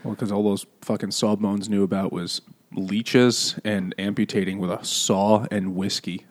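Over beers on a laid-back book-club podcast, this co-host retells a story's plot with lively energy, plenty of swearing and jokes. He talks at a measured pace in a lowish voice.

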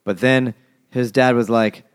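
A man's voice: mid-range voice, unhurried, smooth. A man co-hosting a casual podcast chat, making dry wisecracks. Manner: wisecracking, deadpan jokes. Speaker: podcast co-host.

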